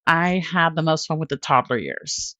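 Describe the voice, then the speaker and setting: Candid mother telling her story, low-voiced. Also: sing-song, moderate pace, fairly bright tone, dry recording. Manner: emotional, candid, often laughing at herself. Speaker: podcast guest.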